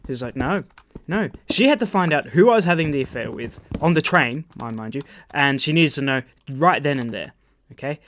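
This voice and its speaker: Animated Australian man rambling anecdotes. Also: medium pitch, brisk, slight background noise. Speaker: gaming channel host. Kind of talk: storytelling over gameplay commentary.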